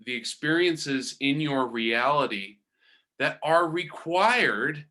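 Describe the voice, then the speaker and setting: Male spiritual teacher, clear bright voice, slow and deliberate, measured and searching. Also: a little high, lively intonation. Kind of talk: reflective spiritual talk.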